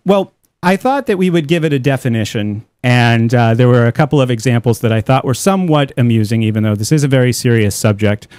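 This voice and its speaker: Animated talk radio host man. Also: mid-range voice, a little fast, clear, resonant tone, no echo, clean studio sound. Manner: animated, reads quotes aloud with asides. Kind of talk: radio talk show hosting.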